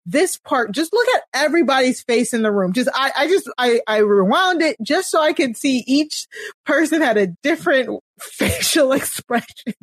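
A woman co-host retells scenes animatedly, often laughing as she goes. Her voice sits on the higher side. The recording is dry and close, with no room sound. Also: no echo. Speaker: podcast co-host. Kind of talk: casual podcast discussion.

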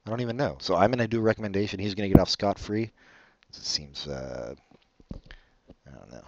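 A man with a deep voice rambles through a solo podcast episode, mumbling and putting himself down as he drifts between thoughts. The recording is dry and a little dull, with no room sound. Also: normal speed, dry recording. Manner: mumbling, self-deprecating, trails off. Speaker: podcast co-host.

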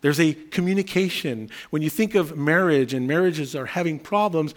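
A man's voice: a little high, moderate pace. A middle-aged man giving a conversational sermon as a pastor, telling humorous everyday stories with restarts.

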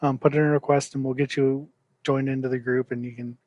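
A man's voice: mid-range voice, level tone, a little fast, darkish tone, dry recording, muffled recording. A man co-hosting a podcast in an easygoing, agreeable way. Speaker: podcast co-host. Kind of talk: casual podcast chat.

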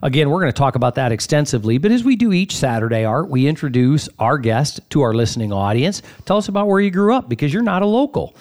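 A man's voice: a little high, very animated, fast, hardly any pauses, darkish tone. A man hosting a radio talk show, introducing and interviewing a guest in a polished way.

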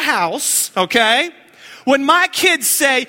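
A middle-aged man preaching a sermon as pastor, animated, with jokes and sudden hushed low passages. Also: unhurried, long reverb tail. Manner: animated, dips into low hushed emphasis and jumps high for jokes.

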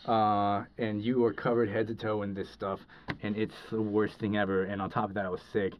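A man with a fairly low voice tells a long story as a podcast guest, wandering through it with lots of "uh" and "like" and frequent restarts. The recording is dull and lo-fi, with the highs rolled off. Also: little pitch movement, a little fast, a little hiss or hum. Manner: rambling, heavy with fillers and restarts. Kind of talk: casual storytelling.

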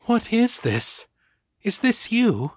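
Male narrator plays a shaky, torn young woman, pitched up, slow and halting. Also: animated, slightly rough, full character voice. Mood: astonished. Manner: breathless, stammering.

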